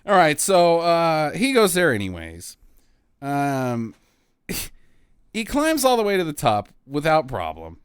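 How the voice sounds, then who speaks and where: Lively, clear-voiced man riffing on a movie. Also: on the high side, takes it slowly, no echo, studio quality. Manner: crude, laughing, sarcastic retelling. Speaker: podcast co-host. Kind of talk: casual movie-riffing chat.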